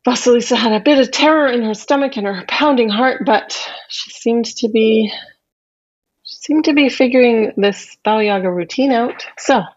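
A woman telling a folk tale in an animated, expressive way, adding playful asides. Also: fairly high pitch, moderate pace, lo-fi sound. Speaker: storyteller.

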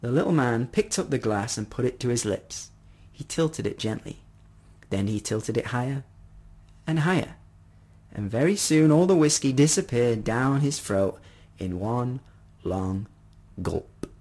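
A man narrating a first-person story in an expressive reading voice. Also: medium pitch, moderate pace, husky.

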